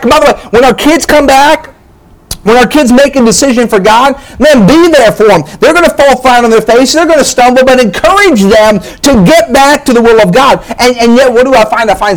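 Male preacher, middle-aged, high voice, emphatic sermon delivery with rhetorical asides. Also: low-quality recording. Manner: animated, emphatic, frequent "right?" asides.

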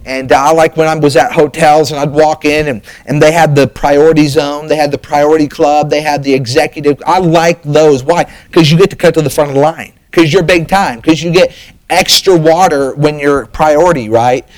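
A man's voice: fairly high pitch, steady tone, normal speed, low-quality recording. A middle-aged man preaching a sermon as pastor, folksy and storytelling, with frequent fillers and restarts.

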